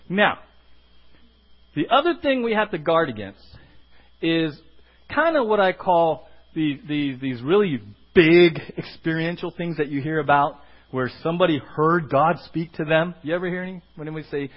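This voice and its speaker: A man preaching a sermon as pastor, animated and acting out the voices of the people he quotes. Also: high-pitched, moderate pace, muffled recording.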